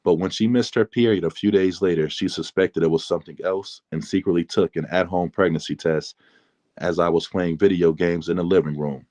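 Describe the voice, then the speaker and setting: A man, the author, reading aloud from his memoir in a calm, measured way. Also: deep voice, no room sound.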